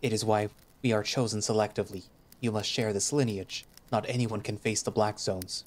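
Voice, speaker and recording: A man's voice: on the low side, fairly even intonation, normal speed, close to an everyday voice. A man voicing a stoic male creature warrior who speaks formally, in a visual novel reading. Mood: calm. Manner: formal speech without contractions.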